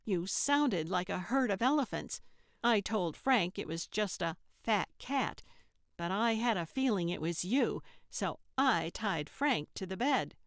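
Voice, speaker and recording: A woman's voice: mid-range voice, lively intonation, measured pace, no room sound, clean studio sound. A woman voicing an angry, scornful young woman who threatens with a gun, in an audiobook. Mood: snapping threats. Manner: sharp, snapping, scornful. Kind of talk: audiobook character voice.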